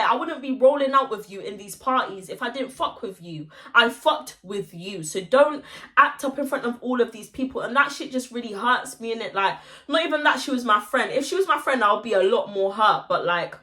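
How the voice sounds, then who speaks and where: A young woman recounts a story to camera in a loose, animated way, full of slang and swearing. Her voice sits a little high and has a bright, sharp edge. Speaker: vlogger. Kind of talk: casual story time monologue.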